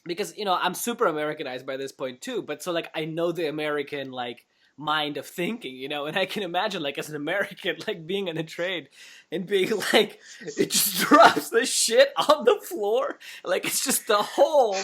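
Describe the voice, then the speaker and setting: A male host from Russia with a fairly high voice. He talks in a relaxed, casual way, laughing easily and swearing, and chats with his guest. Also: normal speed. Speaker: podcast host. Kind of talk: casual chat.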